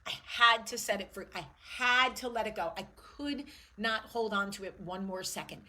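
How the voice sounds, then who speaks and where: A woman's voice: medium pitch, moderate pace, sharp tone, low-quality recording. A woman in her forties hosting her own vlog, talking candidly and emotionally and swearing freely. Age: 40s. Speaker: show host. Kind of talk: candid personal vlog monologue.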